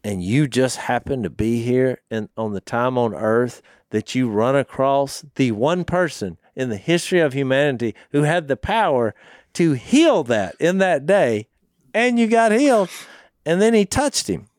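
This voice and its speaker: A man's voice: mid-range voice, lively intonation, a little slow, darkish tone, no echo. A man co-hosting a casual Bible talk. He tells stories with animation and acts out the people he quotes. His voice sits in the middle range and is recorded dry and close. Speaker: podcast co-host.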